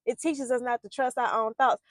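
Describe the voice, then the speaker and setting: A woman's voice: on the high side, steady tone, fairly quick, dry recording. A woman giving a heartfelt reflective monologue about parenting. She speaks loosely, with many fillers and restarts, and turns emphatic when she drives a point home. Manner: grows emphatic and loud when making her points. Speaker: poet and parenting vlogger.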